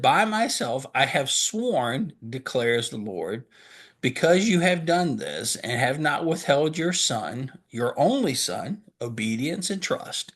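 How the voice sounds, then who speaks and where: Earnest pastor explaining scripture. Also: male voice, medium pitch. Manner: earnest, reads scripture aloud and stops to explain it; asks questions and answers them himself. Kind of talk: sermon.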